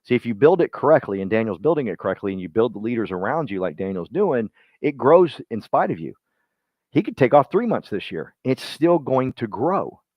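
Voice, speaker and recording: A man's voice: mid-range voice, very animated, brisk, dry recording. A man leading his team in a motivational talk, folksy and rambling, calling on listeners by name. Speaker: team leader speaking to his real estate agents. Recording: dull lo-fi dry sound.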